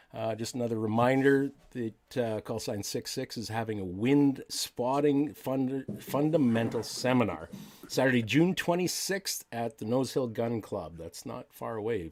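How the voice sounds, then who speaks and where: A tired man hosting a podcast, his voice swinging widely up and down. He reads sponsor spots in an offhand, easygoing way. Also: medium pitch. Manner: laughing, animated, offhand. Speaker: podcast host.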